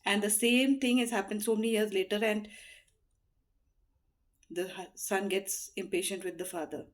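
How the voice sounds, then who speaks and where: A middle-aged woman talks earnestly and unhurriedly, giving heartfelt advice. She fills her pauses with "you know", and her voice sits at a medium pitch. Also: fairly even intonation. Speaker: motivational speaker.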